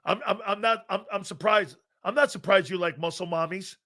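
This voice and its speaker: A middle-aged man with a high-pitched, sharp voice hosts a live sports talk show at a fairly quick pace. Brash and profane, he rambles through chat comments and laughs often.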